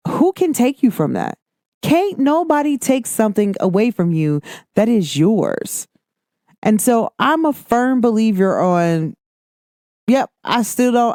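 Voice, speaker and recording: At a measured pace, a woman hosting a casual talk show delivers an animated, emphatic monologue, reenacting past exchanges in a raised voice. Her audio is close-miked and dry, with no echo from the room.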